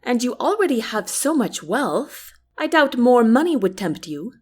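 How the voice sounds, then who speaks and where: A woman voicing a thoughtful, guarded young queen in an audiobook, formal and measured. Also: a little high, sing-song, husky, full character voice. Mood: earnest. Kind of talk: audiobook character reading.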